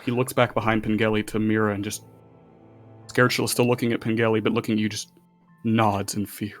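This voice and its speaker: A man's voice: lowish voice, flat delivery, a little fast. A man game master narrating a tabletop session. His delivery is loose and rambling, full of fillers and restarts. Faint music plays behind him.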